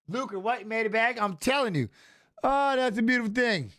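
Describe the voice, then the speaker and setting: A middle-aged man hosting a live fight watch-along, excitable and shouting at the fighters while chatting with viewers. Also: very high-pitched. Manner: excitable, talks fast over the action, shouts at fighters. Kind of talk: live fight commentary and chat.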